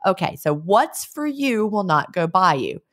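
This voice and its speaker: A woman's voice: mid-range voice, sing-song, measured pace, a bit bright. A middle-aged woman co-hosting a casual chat show, reading listener submissions and playfully repeating odd words. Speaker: podcast co-host.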